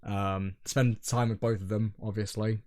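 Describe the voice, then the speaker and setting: A young man co-hosting a casual podcast, talking in a rambling, hesitant way that often trails off quietly. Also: fairly low pitch, flat delivery, a little slow. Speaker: podcast co-host. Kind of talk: casual chat.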